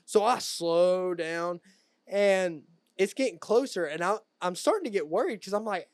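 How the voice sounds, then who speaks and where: Young male podcast co-host, high voice, animated and laughing, dry close sound. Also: brisk, no room sound. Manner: animated storytelling, laughs often. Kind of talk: casual chat.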